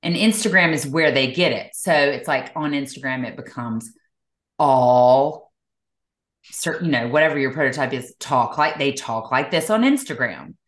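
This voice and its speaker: A woman's voice: rumbling low, expressive, normal speed, echoey room. A woman co-hosting a casual chat, musing aloud and rambling with many restarts. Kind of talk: casual conversational chat, sometimes reading aloud.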